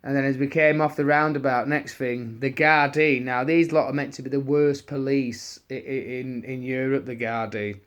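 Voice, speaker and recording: A man's voice: medium pitch, steady tone, moderate pace, few pauses, fairly bright tone. A man with an English accent answering questions and telling a rambling anecdote, full of restarts and slang. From England. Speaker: person answering audience questions. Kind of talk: casual Q&A storytelling.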